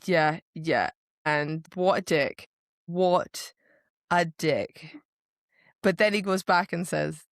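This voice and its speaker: A woman co-hosting a podcast, chatting casually about a book and acting out the characters' lines in quick asides. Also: deep voice, dry recording, clean studio sound. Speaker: podcast co-host.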